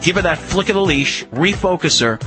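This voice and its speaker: A man giving calm, firm dog-training advice to a radio caller, coaching him step by step. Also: high-pitched, a little fast, faint music behind, low-quality recording. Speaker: dog behavior expert.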